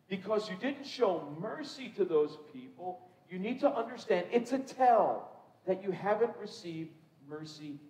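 A man preaching a sermon as pastor, telling stories with lively quoted voices and often repeating words as he thinks. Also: high-pitched. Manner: animated storytelling, acts out quotes, repeats words when thinking. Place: church sanctuary. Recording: roomy hall, voice from a distance.

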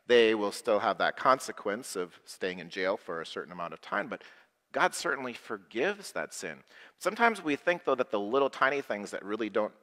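A middle-aged man preaching a simple sermon to people with special needs, slow and plain, leading the congregation in call-and-response prayers. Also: on the low side, pushed and bright. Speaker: pastor. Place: worship hall. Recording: long hall reverb.

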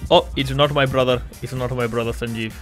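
A man putting on a put-on Indian English accent, playing a goofy, excitable Indian guy who speaks broken English while trolling in an online game. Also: brisk, music in the background, lightly acted. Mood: bargaining. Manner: broken English, sudden high shrieks. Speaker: online gamer trolling strangers.

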